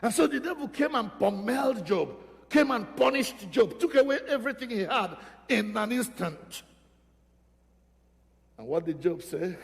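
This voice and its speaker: A man's voice: high voice, lively intonation, a little slow, creaky, long pauses. A man preaching a sermon as pastor, emphatic and repeating phrases for stress. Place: church sanctuary. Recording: reverberant church hall.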